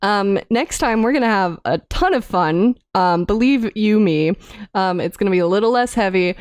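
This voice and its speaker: A woman's voice: medium pitch, lively intonation, moderate pace, dry recording, faint music behind. A woman co-hosting a podcast in casual chat, earnest and hesitant, with many ums and restarts. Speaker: podcast co-host.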